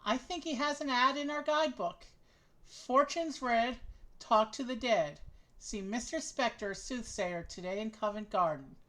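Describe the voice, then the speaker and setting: A woman's voice: fairly high pitch, a little slow, fairly bright tone. A woman playing a game with a friend, reading dialogue aloud with wry comments. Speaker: co-host of game stream.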